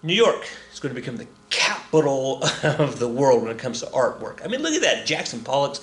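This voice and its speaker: A man's voice: mid-range voice, big pitch swings, a little fast, a bit bright, reverberant. A man in his fifties teaching a casual history lesson, chatty and joking, with frequent self-corrections.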